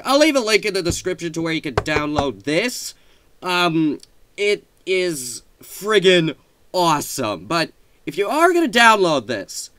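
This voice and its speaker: A man chatting in a casual update vlog at his home desk mic, his voice bright and crisp and fairly high. He talks unhurriedly, rambling and correcting himself, then gushes with excitement. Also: dry recording. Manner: excitable, rambling, with gushing outbursts and self-corrections. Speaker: video channel host. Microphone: desk microphone.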